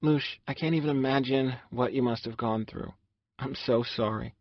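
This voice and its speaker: A male narrator voicing a gentle, caring young woman who speaks softly and apologetically. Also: medium pitch, normal speed, dry recording, lo-fi sound, voice pushed up, lightly acted. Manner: soft, hesitant, apologetic.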